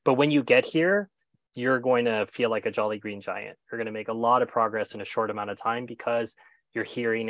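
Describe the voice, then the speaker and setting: A man speaking as a guest on a webinar, giving enthusiastic, animated advice and often restarting his phrases. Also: medium pitch, brisk, no room sound. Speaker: guest expert on moving abroad.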